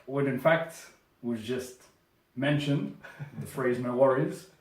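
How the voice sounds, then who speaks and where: A man's voice: medium pitch, takes it slowly. A young Australian man with an Australian accent, co-hosting a casual chat and explaining slang in a playful, mock-formal way. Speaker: co-host. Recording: roomy, distant mic.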